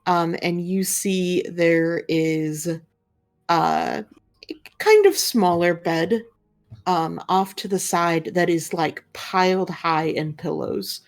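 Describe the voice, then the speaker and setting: A young woman narrating a tabletop role-playing game as game master, describing scenes in a relaxed, meandering way. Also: lowish voice, slow. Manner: relaxed, filler-heavy description.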